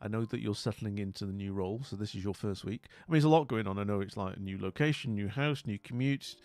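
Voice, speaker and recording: A man's voice: lowish voice, fast talker, a little mellow, no room sound. A man hosting a live stream, chatting casually and rambling with lots of fillers.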